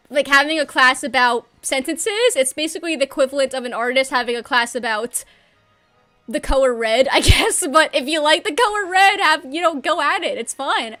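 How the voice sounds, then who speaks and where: A woman's voice: high-pitched, bright, forceful tone. A young adult woman chatting casually and bubbly while livestreaming a game from home, laughing often.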